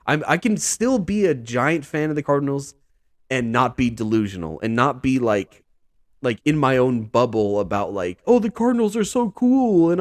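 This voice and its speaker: A man's voice: mid-range voice, no echo, studio quality. A man hosting a sports vlog, talking in a casual, rambling monologue full of "dude" and "bro".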